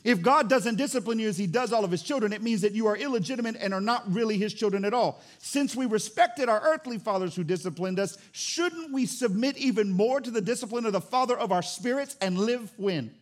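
A man's voice: high voice, a little fast, hardly any pauses. A man preaching a sermon as pastor, joking and acting out little asides as he goes.

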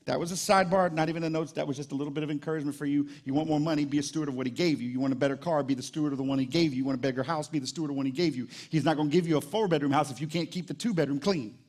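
A man, a pastor preaching a live sermon at a church service in an animated, conversational storytelling way. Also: on the high side, racing, hardly any pauses.

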